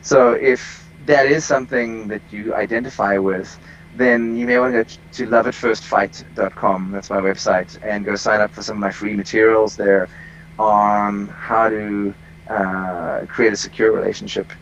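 A man with a low, gravelly voice talks as a relationship coach on an interview call. He explains in long, winding sentences full of ums and self-corrections. The sound has a faint hiss behind it. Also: fairly even intonation, moderate pace, highs cut off. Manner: explanatory, long rambling sentences with many fillers.

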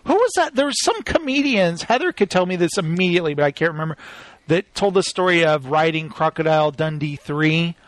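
A man in his thirties co-hosting a casual chat about new movie releases, animated and joking, often laughing. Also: a little high, brisk, no echo. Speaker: podcast co-host.

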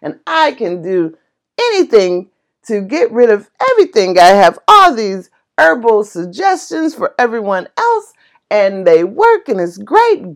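A woman casually telling a personal story in an excitable, passionate way, laughing as she talks. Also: on the high side, a little slow. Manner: animated, excitable, laughs while talking; passionate and chatty.

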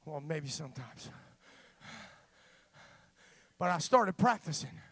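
A man preaching a sermon, moving from slow, quiet talk to loud, impassioned shouting and filling pauses with "uh". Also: high-pitched, no echo. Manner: fills pauses with frequent "uh". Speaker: father.

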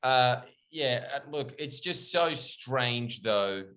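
A man's voice: medium pitch, expressive, slow, pushed and bright. A man hosting a casual podcast chat, joking and riffing with his friends. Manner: joking, does mock impressions. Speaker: podcast host.

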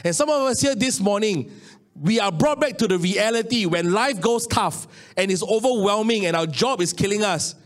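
A man in his late thirties with a Singaporean English accent, preaching a sermon and telling personal stories, swinging between hushed low lines and raised excited ones. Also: normal speed. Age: 30s. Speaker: pastor.

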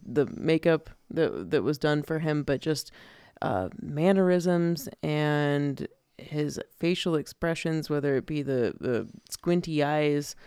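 A man's voice: fairly high pitch, creaky, a little mellow, smooth, no room sound, clean studio sound. A young adult man co-hosting a casual film discussion, hesitant with many restarts. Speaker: podcast co-host.

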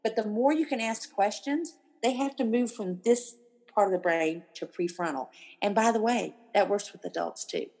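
At a moderate pace and mid-range pitch, a woman in her fifties chats animatedly as a casual interview guest. She dramatizes the words of the people she quotes.

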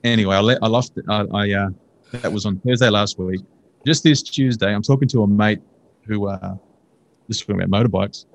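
An Australian man telling a personal faith story in a casual, earnest and excitable way. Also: brisk, low-quality recording. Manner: earnest, excitable, jumps into high voices for quotes.

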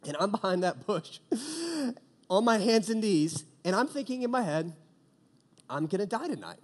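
A man's voice: high-pitched, big pitch swings, measured pace. A young man preaching to a youth group, telling a comic story with acted-out quotes before turning to prayer. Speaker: youth pastor.

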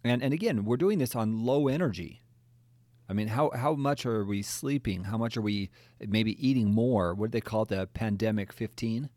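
A man's voice: lowish voice, moderate pace, warm tone, no echo. Middle-aged guy clinician, earnest, asks lots of rhetorical questions, dry close sound. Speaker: clinician podcast co-host. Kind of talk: conversational discussion.

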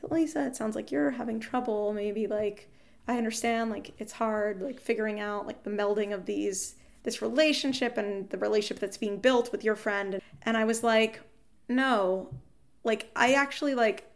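A woman telling a frank, animated story about fights with her partner, quoting both sides, swearing and laughing ruefully. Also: mid-range voice, gravelly. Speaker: guest seeking advice. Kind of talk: candid emotional storytelling.

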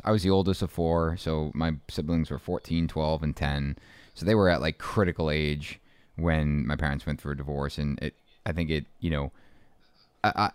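Low smooth-voiced man with faint Boston accent. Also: no echo. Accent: faint Boston, mostly smoothed out. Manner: rambling, many restarts and asides. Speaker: interview guest. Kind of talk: casual interview talk.

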